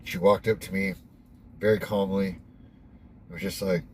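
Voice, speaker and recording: A young man with a fairly low voice talks through a devotional reading in a loose, candid way, stopping to reflect and dropping the odd swear word. A faint hiss sits underneath him. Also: fairly even intonation, normal speed, long pauses. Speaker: host. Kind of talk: casual devotional monologue.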